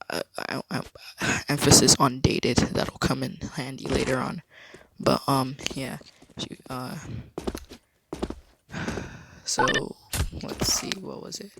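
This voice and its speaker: Male vlogger, mid-pitched and raspy with fry, casual storytelling over a noisy background. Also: level tone, measured pace. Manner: low-key, rambling storytelling.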